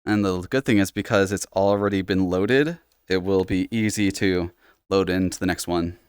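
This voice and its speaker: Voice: deep voice, fairly even intonation, moderate pace, darkish tone, smooth, dry recording, clean studio sound. A live streamer chatting casually while exploring, rambling and self-deprecating.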